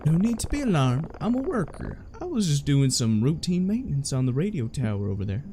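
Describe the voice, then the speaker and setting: A mysterious night worker from a horror game, soothing and unhurried in a way that feels off. with smooth, measured delivery that hints at something sinister. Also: male voice, on the high side, very animated, dark tone, a little hiss or hum. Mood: calm, ominous. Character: calm mysterious male radio tower worker.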